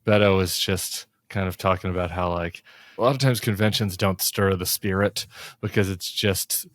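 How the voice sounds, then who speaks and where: A man in his forties hosting a podcast, chatting casually in an upbeat way with lots of filler "like" and sudden lifts when animated. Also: sits low, moderate pace, no room sound. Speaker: podcast host. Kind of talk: casual political chat.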